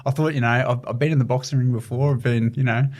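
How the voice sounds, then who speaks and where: A man's voice: mid-range voice, steady tone, quick pace, a little mellow. A young adult man with an Australian accent, talking earnestly in a casual interview with many fillers and restarts. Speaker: guest, ultramarathon runner.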